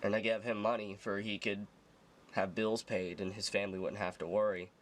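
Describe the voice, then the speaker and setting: A man in a video telling a personal story in a halting, hurt way, repeating himself. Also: on the low side, level tone, a little hiss or hum. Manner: halting, hurt, quiet retelling.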